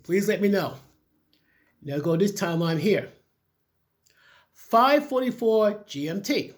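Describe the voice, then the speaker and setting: A man with a high voice reads news headlines aloud in a halting way and keeps stopping to add his own opinions. His delivery is casual and unpolished, with frequent slips. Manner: halting reading with asides and stumbles. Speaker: vlogger reading news.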